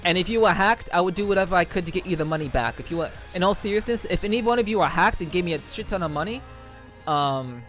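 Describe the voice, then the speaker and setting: High-voiced, animated and a bit bright, a man reads his livestream chat at a fast clip. The casual talk is profane and rambling, full of repetition and laughter, over faint background music.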